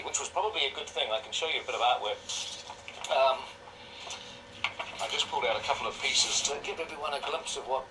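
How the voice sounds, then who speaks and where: A man's voice: fairly low pitch, bright, forceful tone. A man hosting a live question-and-answer stream in a chatty, anecdotal storytelling way. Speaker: film director hosting a live Q&A. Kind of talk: casual live-stream chat. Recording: distant mic, faint noise.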